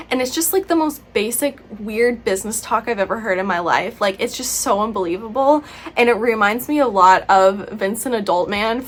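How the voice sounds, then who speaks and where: A woman's voice: medium pitch, a little hiss or hum. A woman chatting through a book review vlog, exasperated and rambling, with many "like"s. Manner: exasperated, chatty, heavy use of "like".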